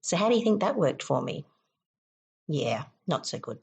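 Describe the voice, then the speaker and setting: A woman hosting a self-help podcast, explaining steps in a calm, instructive way. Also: sits low, normal speed, vocal fry, slightly rough. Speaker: podcast host.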